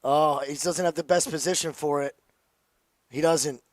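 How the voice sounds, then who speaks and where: A man co-hosting a live fight betting stream, cheering loudly and swearing when his pick wins. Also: on the high side, steady tone, moderate pace, dry recording, studio quality. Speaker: co-host and betting analyst.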